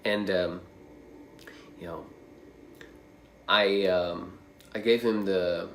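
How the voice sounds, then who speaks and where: Chatty male coach, relaxed and rambling. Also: deep voice, drawn-out words, slight background noise. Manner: rambling, conversational, with fillers and asides. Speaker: social anxiety coach. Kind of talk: casual to-camera talk.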